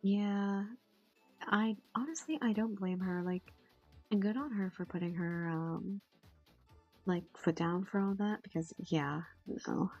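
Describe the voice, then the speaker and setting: A woman's voice: medium pitch, measured pace, dark tone. A young woman voice actor chatting casually on a stream, rambling with lots of fillers and casual swearing. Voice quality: husky, gravelly. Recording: dull lo-fi stream audio with faint music.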